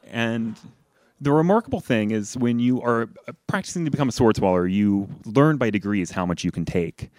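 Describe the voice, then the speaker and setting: A young adult man telling a personal story on stage, animated and self-deprecating, sometimes laughing as he talks. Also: mid-range voice, fairly quick, no echo. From lived in Washington, D.C.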